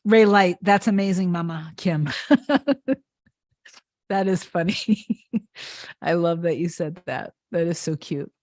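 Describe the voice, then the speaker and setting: A woman's voice: fairly low pitch, slow pace, pauses often, no echo, clean studio sound. A woman manifestation coach chatting on a live stream, earnest and emotional, reading viewer comments aloud. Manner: emotional, warm-hearted.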